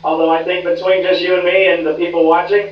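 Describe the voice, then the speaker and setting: Male field correspondent, high pitch, chummy and confiding; echoey, distant, dull recording. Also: flat delivery, fast, slight background noise. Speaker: news correspondent. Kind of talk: live news report. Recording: echoey, distant, muffled rebroadcast.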